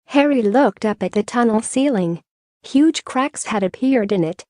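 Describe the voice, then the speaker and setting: A woman reading an audiobook in measured, even storytelling narration. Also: fairly high pitch, no room sound, studio quality. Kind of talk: scripted narration.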